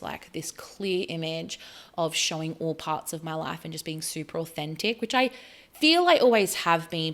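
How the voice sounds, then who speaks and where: Chatty Australian woman, lowish voice. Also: a bit bright. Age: 30s. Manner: chatty and rambling, heavy with "like". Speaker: spiritual vlogger. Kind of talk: casual chat to camera.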